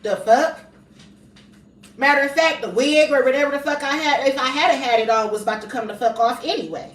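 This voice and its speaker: A woman's voice: high voice, a little fast. Fired-up woman ranting, roomy and distant. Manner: profane, fired up, repeats herself for emphasis. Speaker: mother telling a story on a livestream. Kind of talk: heated storytelling rant. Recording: roomy sound, distant from the mic, faint background noise.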